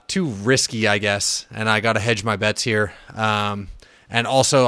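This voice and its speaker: With a lowish voice captured in a dry, studio-quality recording, a man hosts his finance podcast solo and casually. He rants bluntly and profanely, stumbling through fillers and restarts, and gets animated whenever he's riled.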